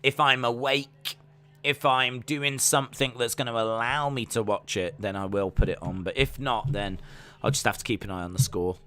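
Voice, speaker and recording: A man's voice: mid-range voice, fairly even intonation, normal speed, sharp tone, soft background music. A man with an English accent casually chatting on a live stream, reading out viewer comments in a rambling, self-deprecating way. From England. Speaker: wrestling watch-along streamer.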